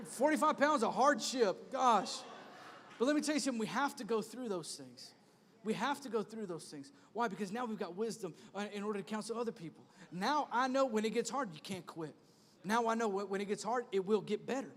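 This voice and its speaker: A man in his thirties, a pastor preaching an animated sermon with punchy repeated refrains. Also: sits high, a little fast. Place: church sanctuary. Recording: long reverb of a church hall.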